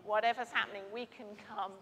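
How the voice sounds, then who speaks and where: A woman's voice: mid-range voice, steady tone, fairly quick, a crowd in the background. A woman leading a children's talk in a church service, asking the children questions and then praying. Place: church hall. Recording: echoey church with long reverb.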